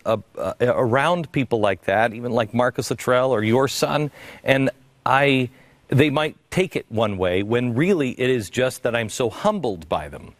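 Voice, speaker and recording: A man hosting a radio interview, earnest and halting, stopping and restarting his sentences. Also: medium pitch, no echo. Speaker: talk show host.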